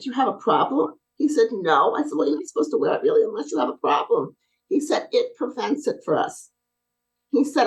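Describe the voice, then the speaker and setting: A middle-aged woman chatting as a podcast guest, spinning one anecdote after another. She acts out the lines of the people in her stories, and her voice swings widely up and down from a middle pitch. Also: low-quality recording. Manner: animated, acts out quoted dialogue. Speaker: podcast guest, brace company owner. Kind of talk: casual interview storytelling.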